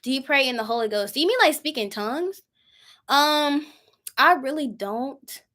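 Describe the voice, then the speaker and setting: A young woman in her twenties leads a Bible study in an easy, conversational way. Her voice sits a bit high, and she drops into acting out her own prayers as she explains. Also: expressive, normal speed, bright, forceful tone. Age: 20s. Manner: chatty and informal, acts out her own prayers. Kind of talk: casual Bible study teaching.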